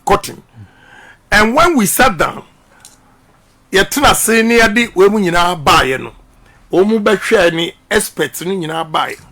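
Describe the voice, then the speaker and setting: Speaking unhurriedly in a high-pitched, expressive voice with a sharp tone, a middle-aged Ghanaian politician makes his case in a radio interview. His manner is emphatic and repetitive, much like a preacher.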